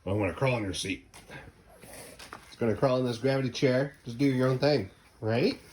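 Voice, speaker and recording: Casting note: a father playing his easygoing toddler son, a low, unbothered drawl with the swagger of a grown-up dude, recorded outdoors. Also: slight background noise, lightly acted. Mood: mellow. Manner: slow, low, deadpan drawl. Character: laid-back toddler boy talking like a dude. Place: outdoor patio.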